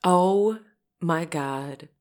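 Low-voiced laughing woman podcaster. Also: extremely slow, darkish tone. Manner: swears freely, laughs often. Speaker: podcast co-host. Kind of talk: casual chat. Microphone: podcast microphone.

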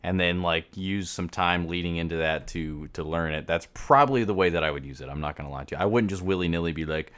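A man co-hosting a podcast, talking in a relaxed, rambling way full of hedges. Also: sits low, quick pace, few pauses, clear, resonant tone. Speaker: podcast co-host. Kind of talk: casual chat.

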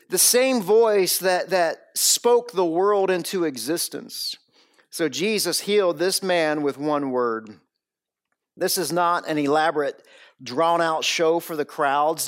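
An emphatic male preacher walks his listeners through a sermon. His voice sits a little higher than most men's, and he stacks repeated phrases and rhetorical questions to drive each point home. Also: a bit bright. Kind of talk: expository sermon.

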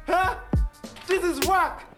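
A woman doing a sassy, high-pitched scoffer. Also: takes it slowly, music in the background. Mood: scoffing.

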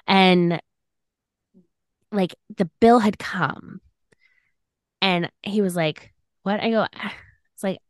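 A woman's voice: medium pitch, unhurried, long pauses, no room sound, studio quality. Chatty young woman telling a story. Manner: chatty, many "like" fillers, animated retelling. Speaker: podcast co-host. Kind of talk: casual storytelling chat.

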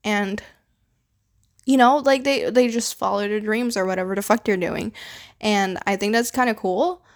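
A woman's voice: medium pitch, moderate pace. A young woman from the Philippines, hosting a podcast, talking casually and rambling with lots of filler words and casual swearing. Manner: rambling, heavy use of fillers like "like" and "you know". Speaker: podcast host. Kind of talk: casual personal monologue.

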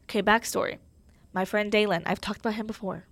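A woman's voice: mid-range voice, fairly even intonation, fast talker, no room sound. A young woman hosting her own podcast in a casual, chatty way, full of fillers and self-mocking humor. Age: young adult. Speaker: podcast host. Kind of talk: casual solo podcast chat.

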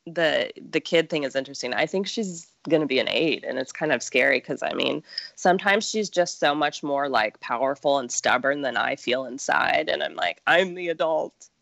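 A young woman from the Midwest chats easily, scattering fillers through her sentences. Her voice sits low with a gravelly fry, and the recording is close and dry. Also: normal speed, fairly bright tone, dry recording. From American Midwest. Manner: chatty, lots of "like" and "um". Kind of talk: casual chat.

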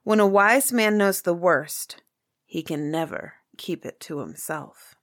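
Slow, lowish woman reading a fairy tale. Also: no echo, studio quality. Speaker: narrator. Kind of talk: storybook reading.

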